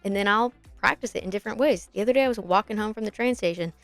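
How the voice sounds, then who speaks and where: A woman's voice: medium pitch, very fast, no echo, soft background music. A young adult woman hosting a podcast and teaching auditions, explaining in a friendly, encouraging way with worked examples. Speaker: podcast host and acting coach. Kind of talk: casual instructional podcast talk.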